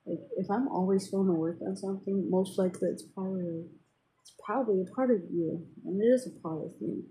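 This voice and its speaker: A woman's voice: mid-range voice, steady tone, brisk, warm tone, a little hiss or hum, poor audio. A woman venting in a casual, rambling way to her viewers, with many fillers and restarts. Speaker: vlogger. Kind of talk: casual personal venting to camera.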